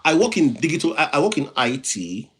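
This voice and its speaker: A man with a non-native English accent hosts a motivational livestream. His voice sits a little high and swings widely in pitch as he preaches, and he repeats lines for emphasis. He breaks off to thank viewers by name. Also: sing-song, fairly quick. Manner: reads viewer comments and thanks them by name. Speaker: livestream host, motivational speaker.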